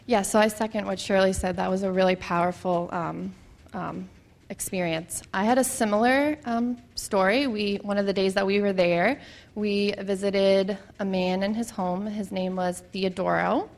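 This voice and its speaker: A woman's voice: medium pitch, fairly even intonation, moderate pace. Earnest woman telling a reflective story. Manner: earnest and reflective, with frequent ums. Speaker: church mission trip member. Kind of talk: personal testimony.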